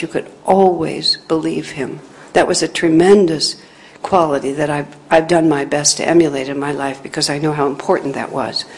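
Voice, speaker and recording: A woman teacher telling a personal spiritual story in an earnest, reflective way, growing animated when she quotes others. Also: sits low, low-quality recording. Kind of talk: storytelling talk.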